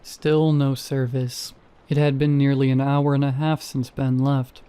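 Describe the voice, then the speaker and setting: A man narrating a first-person horror story in a measured, suspenseful way. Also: medium pitch, flat delivery, dark tone, smooth.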